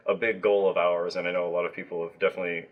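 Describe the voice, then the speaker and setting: A man's voice: low-pitched, flat delivery, very fast, narrow, tinny audio. A man hosting a livestream, chatting casually with a guest, with plenty of fillers and restarts. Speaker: livestream host.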